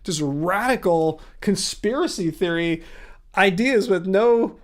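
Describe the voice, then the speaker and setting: A man's voice: sits high, animated, takes it slowly. A man hosting a livestream, chatting casually in response to viewer comments with a sarcastic, incredulous manner, rambling with plenty of fillers. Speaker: livestream host.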